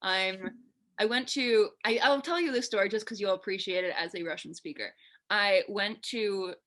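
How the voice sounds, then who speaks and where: A woman's voice: medium pitch, moderate pace, a bit bright. A woman hosting a podcast, chatting casually and telling stories, acting out quoted lines. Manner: chatty storyteller, acts out quotes. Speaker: podcast host. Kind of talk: casual interview chat.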